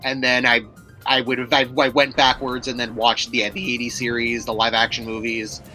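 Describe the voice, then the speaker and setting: A man's voice: mid-range voice, little pitch movement, moderate pace, music in the background, rough recording. A man hosting a charity stream, reading out donations and chatting casually with some stumbles.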